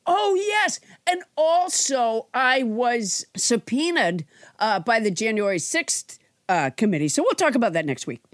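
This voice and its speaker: A woman's voice: a little high, big pitch swings, unhurried, dry recording, clean studio sound. A woman comedian hosting a podcast from home, stuffy with allergies, rambling and interrupting herself as she tells stories. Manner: rambling, self-interrupting storytelling.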